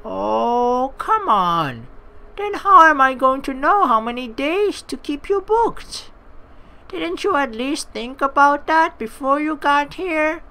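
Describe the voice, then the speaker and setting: A woman as cranky elderly innkeeper woman, shrill and scolding, video game read-through. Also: expressive, slow pace, pushed and bright, exaggerated voice, poor audio. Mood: exasperated. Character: cranky old female innkeeper, scolding and impatient.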